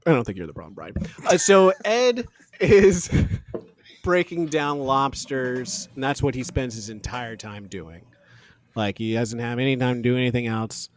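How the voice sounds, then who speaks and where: A man's voice: mid-range voice, animated, unhurried, a little hiss or hum. A man co-hosting a podcast, recapping a cooking show in a laid-back way. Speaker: podcast co-host. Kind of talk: casual chat, episode recap.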